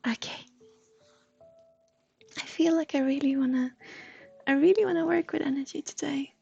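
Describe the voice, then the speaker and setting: A woman giving a gentle, half-whispered livestream psychic reading. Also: high-pitched, normal speed, gravelly, highs cut off, soft background music. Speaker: intuitive reader.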